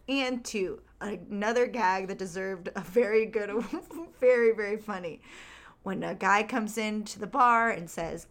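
Animated woman podcast co-host. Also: mid-range voice, moderate pace. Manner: animated, re-enacts scenes with put-on quotes. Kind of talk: casual movie review chat.

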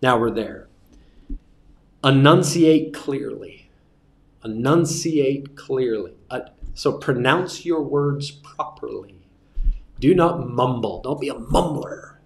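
A man's voice: mid-range voice, a little slow, creaky. Guy teaching a preaching class, laid back, jokey, says stuff twice, echoey classroom. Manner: relaxed, joking, repeats key phrases. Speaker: preaching instructor. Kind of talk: teaching a class on sermon delivery.

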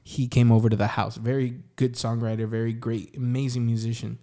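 Young guy, singer guest, rambly storytelling, lots of likes and you knows, mid pitch. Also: flat delivery, fairly quick, mellow. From San Antonio, Texas. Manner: rambling, heavy use of "like" and "you know". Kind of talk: casual storytelling.

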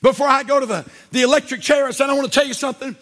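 A man preaching in a church with a very high, bright, ringing voice. He builds to fervent shouts, then drops into low asides to the congregation. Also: rapid-fire. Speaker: pastor. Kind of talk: sermon. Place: church sanctuary.

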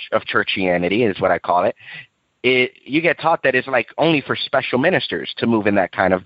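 A man's voice: fairly low pitch, dry recording. A young man, an evangelist, earnestly telling a personal testimony and acting out the dialogue as he goes. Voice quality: earnest, lively storytelling, acts out quoted dialogue. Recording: dull lo-fi dry recording.

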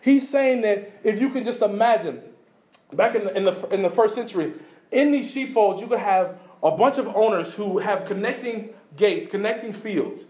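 A man preaching a sermon as pastor, animated, asking the congregation questions and swinging between loud emphasis and quiet asides. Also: sits high, normal speed.

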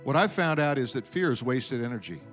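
A man's voice: medium pitch, expressive, brisk, fairly bright tone, faint music behind. A man preaching a sermon to his congregation, emphatic and calling for amens. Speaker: pastor. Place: church sanctuary with congregation.

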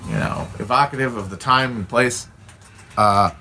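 A man's voice: mid-range voice, moderate pace, pushed and bright, a little hiss or hum. A man with an Upper Midwestern accent who streams, ranting casually in a profane, blunt and opinionated way with frequent restarts. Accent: Upper Midwestern American.

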